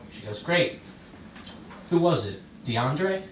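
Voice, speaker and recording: A man doing a stand-up comedy set, telling self-mocking stories in a relaxed conversational way. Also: on the high side, normal speed, a little hiss or hum. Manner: conversational storytelling, self-mocking, mimics others in quoted bits. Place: comedy club stage with a laughing audience. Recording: roomy club sound, mic far off, loud audience laughter.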